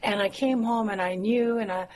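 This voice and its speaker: A woman songwriter speaking in a relaxed, reflective way, often trailing into fillers and soft laughter. Her voice sits at an ordinary middle pitch. A faint hum of ambience sits behind her. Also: moderate pace. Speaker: songwriter and musician guest. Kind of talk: casual interview conversation.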